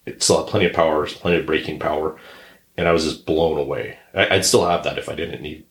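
Deep-voiced man telling a story in a roomy space. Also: fast. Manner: animated anecdote teller who acts out others' yelling. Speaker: podcast co-host. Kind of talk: casual storytelling chat. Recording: roomy echo.

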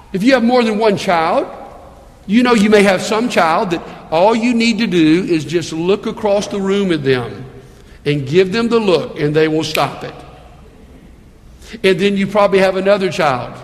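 A man preaching a sermon as a pastor, telling the story in an animated way and acting out the voices of its people. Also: high voice. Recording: long hall reverb.

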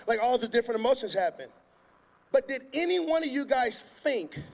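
A male pastor preaching a sermon from a church stage, emphatic and repetitive, breaking into sudden shouts. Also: very high voice, animated, moderate pace, gravelly. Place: church stage before a congregation. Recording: long reverb of a large hall.

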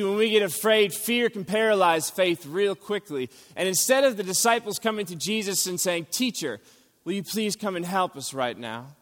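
Male pastor, fairly high voice, long church echo, sermon delivery. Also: fairly bright tone. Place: church sanctuary.

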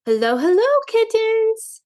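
A woman's voice: very high voice, sing-song, unhurried, darkish tone, dry recording, clean studio sound, voice pushed up, heavily acted. A woman reading a storybook, voicing a cheerful, motherly mother cat.

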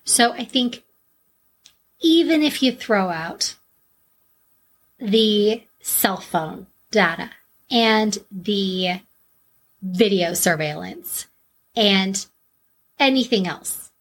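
A woman co-hosting a true-crime podcast, with a husky, mid-pitched voice. She talks bluntly and swears freely. Her delivery is loose and conversational. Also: expressive, very slow, pauses often. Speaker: podcast co-host. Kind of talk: casual true-crime chat.

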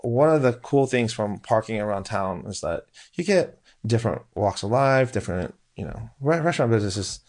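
A man who runs a food truck, telling a story as a guest in casual chat, animated and full of restarts. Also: on the low side, fairly quick, few pauses. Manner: animated, acts out quotes in a raised voice; frequent restarts and fillers.

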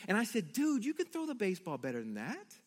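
A man's voice: high-pitched, fast. A middle-aged man, a pastor, preaching a sermon and telling family stories directly to his congregation. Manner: storytelling, animated, addresses the congregation directly.

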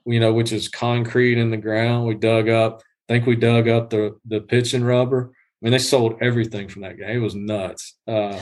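Male podcast guest, casual, rambling storyteller, mid-pitched voice. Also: little pitch movement, moderate pace, few pauses. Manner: rambling storyteller with many restarts and fillers. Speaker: guest groundskeeper. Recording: livestreamed podcast.

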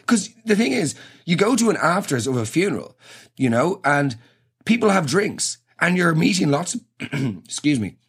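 A man's voice: on the high side, big pitch swings, moderate pace, slightly rough. A young Irish man giving a rambling, sweary comic monologue and acting out little scenes.

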